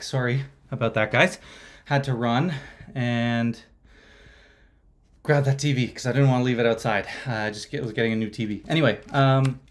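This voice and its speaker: Chatty young man hosting a livestream. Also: mid-range voice. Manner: rambling, chatty, many fillers and restarts. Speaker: magic livestream host. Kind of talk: casual live-stream chat.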